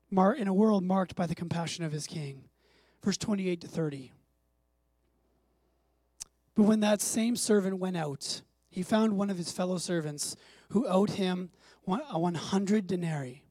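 An emphatic preacher delivers a sermon in a middle-pitched voice, dropping soft and then climbing to loud, urgent stretches. The sound is dry and close, with no room echo. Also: normal speed, long pauses. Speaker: pastor.

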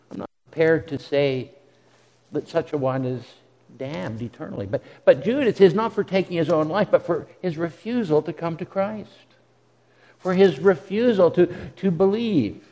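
A man's voice: high voice, darkish tone. A man preaching a sermon in an earnest way, often repeating words as he restarts. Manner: earnest, repeats words when restarting, dramatic quoted asides. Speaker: pastor. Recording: long hall reverb.

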